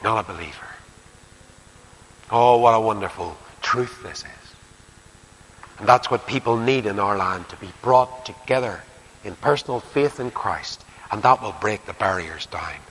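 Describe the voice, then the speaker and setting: An older man with a Northern Irish accent preaching a sermon, his low voice ringing through a long hall reverb. He is earnest, pushing some lines hard and dropping others to a hushed near-whisper. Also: lively intonation, unhurried, slight background noise. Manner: earnest, swings from emphatic to hushed, drops to whispers. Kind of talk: sermon and closing prayer.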